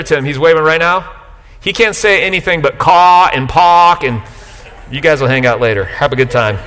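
A man preaching a sermon to a live congregation, joking and swinging between loud bursts and quiet asides. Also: fairly high pitch. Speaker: pastor. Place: church sanctuary, live congregation. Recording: long hall reverb.

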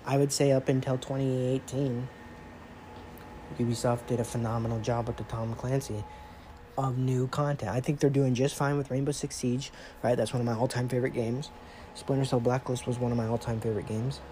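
A man's voice: medium pitch, little pitch movement, fairly quick, dark tone, a little hiss or hum, low-quality recording. A man hosting a casual gaming commentary monologue, rambling and conversational with many fillers and restarts.

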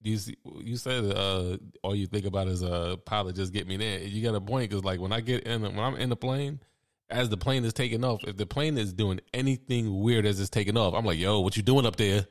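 A man's voice: fairly low pitch, brisk, no room sound, clean studio sound. A man in casual chat, laid-back and slangy, who laughs often.

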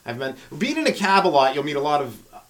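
Rambling comedian man, slightly high voice. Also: sing-song, quick pace. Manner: riffing, talks to listener with frequent "right?" and "you know"; swings between loud exclamations and hushed asides. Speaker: stand-up comedian, podcast host.

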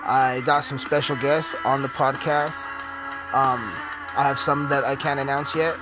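A man's voice: mid-range voice, flat delivery, unhurried, music in the background. A man hosting his podcast, ranting in a heated, profane, casual way. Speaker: podcast host.

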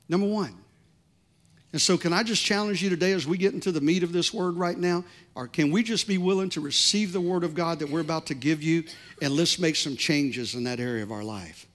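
A male pastor delivering a sermon with a high, bright voice. He preaches with growing fervor and stacks up repeated declarations. His tone rings forceful and ringing.

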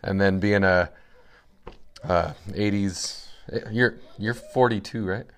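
A man's voice: fairly low pitch, slow pace, fairly bright tone, clean tone. A man hosting a casual interview, playful and teasing with his guest. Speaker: podcast host.

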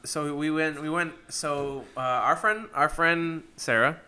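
A man in his twenties telling a halting, rambling story in casual chat. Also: fairly high pitch, fairly even intonation, pushed and bright. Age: 20s.

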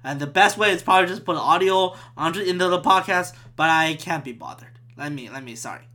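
A man's voice: high voice, a little fast, bright, forceful tone. A man hosting a podcast alone, ranting in a profane, rambling way with frequent restarts. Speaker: podcast host. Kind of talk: solo podcast rant.

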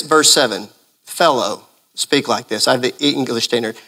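A male pastor preaching a sermon in an animated way, full of rhetorical questions. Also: medium pitch, moderate pace.

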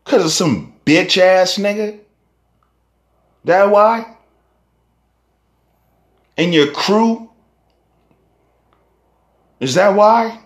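A man's voice: high voice, very slow, pauses often. A young man, a rapper delivering a heated, profane ranting monologue full of rhetorical questions. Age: young adult.

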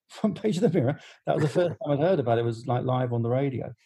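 A man's voice: medium pitch, expressive, quick pace, dark tone, husky, low-quality recording. A middle-aged man, a music journalist, telling a long anecdote in casual podcast chat, full of fillers and restarts. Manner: rambling storyteller with many fillers and restarts.

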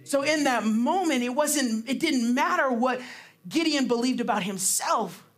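Speaking in a high, unhurried voice, a preacher gives a relaxed, chatty sermon full of fillers and false starts. There's frequent laughter, and quotes get acted out.

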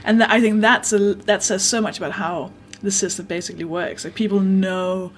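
A woman podcast host chatting casually, earnest and quick to laugh along. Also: mid-range voice, steady tone, slight background noise.

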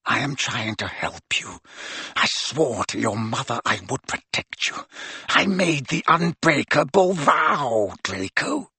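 A man voicing a cold, stern male schoolmaster who speaks low, quietly and in clipped phrases, in an audiobook. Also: very animated, moderate pace, gravelly, breathy edge, dry recording, full character voice. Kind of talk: audiobook character voice.

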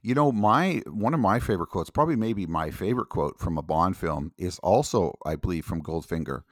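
A man's voice: low-pitched, expressive, fairly quick, dry recording, studio quality. A man co-hosting a comedy podcast in casual chat, meandering and hesitant, laughing easily. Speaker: podcast co-host.

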